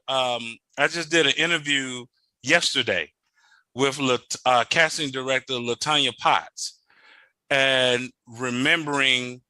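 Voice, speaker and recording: A man's voice: mid-range voice, pushed and bright, no echo. A man hosting a casual interview, reacting eagerly and asking questions. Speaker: interview host.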